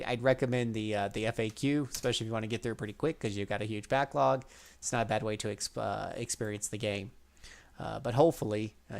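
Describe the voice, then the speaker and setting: Guy chatting about old pc games, rambly, gravelly voice. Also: medium pitch. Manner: rambling, with many fillers and restarts. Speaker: retro gaming video host. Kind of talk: casual commentary.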